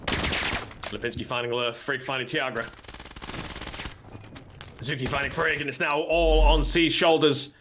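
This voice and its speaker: A man calling a live esports match play-by-play, bursting into high shouts at big plays. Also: little pitch movement, unhurried, pauses often, background noise. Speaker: esports caster.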